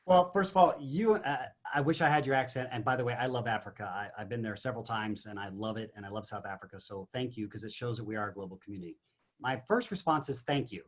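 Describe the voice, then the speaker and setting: A man giving an energetic motivational talk as a guest on a business call, animated and emphatic. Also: on the low side, quick pace. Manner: animated, emphatic, punchy exclamations.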